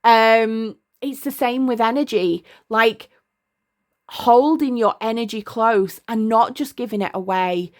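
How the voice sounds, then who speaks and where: Sitting at a desk indoors, a middle-aged tarot vlogger speaks slowly in a fairly high voice. Her casual, meandering talk to the camera is frequently broken by pauses as she searches for words.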